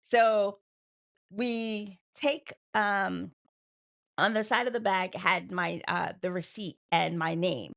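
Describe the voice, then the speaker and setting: A woman from New York co-hosting a casual live chat, talking fast and laughing often. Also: mid-range voice, fairly even intonation, gravelly, fairly bright tone. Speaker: co-host.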